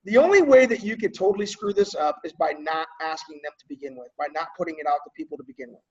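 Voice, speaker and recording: Man, team coach: husky, higher-pitched, conversational, dull lo-fi audio a bit off-mic. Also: quick pace, a little mellow, far from the mic. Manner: conversational, checks in often with "right?" and "okay?"; clears throat often. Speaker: team coach leading a training call. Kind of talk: casual coaching talk.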